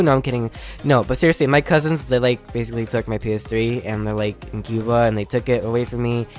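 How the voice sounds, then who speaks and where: A young vlogger telling a casual story about their gamer name, chatty and animated, jumping into side comments and acting out how others reacted. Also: medium pitch, fairly quick, soft background music. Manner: chatty and animated, jumps between asides; acts out quoted reactions in different voices. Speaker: online game creator and designer.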